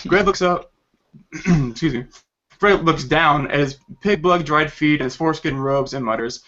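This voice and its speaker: A man with a forceful, bright voice reads a crude comic tale aloud, often breaking into laughter and tripping over his words. The recording is slightly dull and lo-fi. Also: fairly high pitch, measured pace. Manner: laughs while reading crude lines, stumbles over words. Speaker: podcast host reading a story. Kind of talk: comedic story reading.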